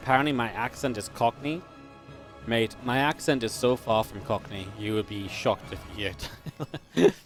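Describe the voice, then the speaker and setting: A male esports caster speaks with a mild Geordie accent in an ordinary middle pitch. He drifts between relaxed banter and brisk play-by-play, with faint music playing underneath. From Northern England. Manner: chatty and laid-back between plays, quick and lively during fights. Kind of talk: live game commentary with casual chat.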